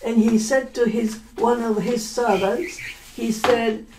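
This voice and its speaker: A woman language teacher tells a story to learners at a very slow, patient pace. Her voice sits a little high, and she keeps stopping to repeat and explain words with hesitant fillers. Faint noise runs under the recording. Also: steady tone, warm tone, poor audio.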